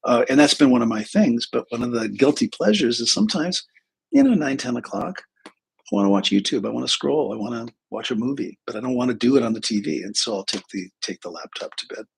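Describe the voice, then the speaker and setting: A middle-aged man with a gravelly, rough, husky voice talks casually to his viewers. He rambles and pokes fun at himself, trailing off into fillers and starting sentences over. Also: medium pitch, animated, brisk, rough recording. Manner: rambling, self-deprecating, many fillers and restarts. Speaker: therapist and spiritual teacher. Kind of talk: casual livestream talk.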